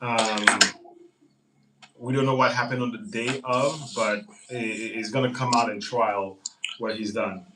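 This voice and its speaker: A man's voice: medium pitch, fairly even intonation, a little slow. Man, livestream host, casual rambling chat, distant mic, faint background noise. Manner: reads chat comments aloud and rambles on politics.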